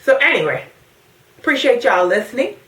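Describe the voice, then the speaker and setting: A young woman from the Caribbean, pregnant, telling a sassy, animated story in a casual rant to the camera. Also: fairly high pitch, normal speed, far from the mic, a little hiss or hum. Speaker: vlogger. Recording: echoey, from off the mic.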